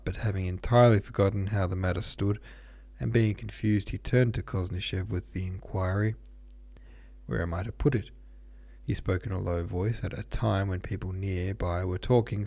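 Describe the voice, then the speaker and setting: A man's voice: lowish voice, dark tone, no room sound. A man reading a classic novel aloud, unpolished, with small slips and asides. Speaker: audiobook reader.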